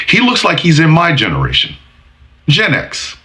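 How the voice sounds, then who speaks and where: A man's voice: mid-range voice, huge pitch swings, unhurried, pushed and bright. A man in his forties giving heated, profane commentary with emphatic delivery. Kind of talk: ranting commentary.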